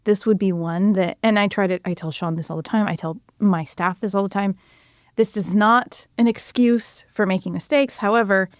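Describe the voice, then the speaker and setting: A woman's voice: medium pitch, steady tone, normal speed, no echo. Candid woman radio host, dry mic. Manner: candid, storytelling, many restarts and "like". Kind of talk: casual radio conversation.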